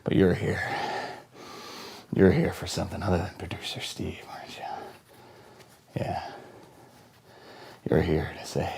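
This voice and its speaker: A man hosting a comedy show, delivering a profane, conspiratorial monologue that swings from hushed near-whispers to loud manic shouting. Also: sits low, steady tone, measured pace, vocal fry, long pauses.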